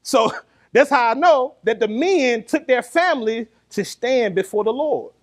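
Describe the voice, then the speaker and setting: A male preacher delivers a sermon in a high voice. His pitch rises and falls widely as he calls on the congregation to answer him, and he laughs now and then. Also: unhurried. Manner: animated preaching with laughs and call-and-response.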